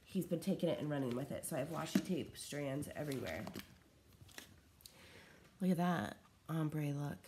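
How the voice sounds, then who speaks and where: Low-voiced woman gushing over fan mail. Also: moderate pace, pauses often, background noise. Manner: chatty and scattered, gushing over small items. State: unwell, coughing and short of breath. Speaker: craft vlogger opening fan mail. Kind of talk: casual unboxing chat. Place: at home in her living room.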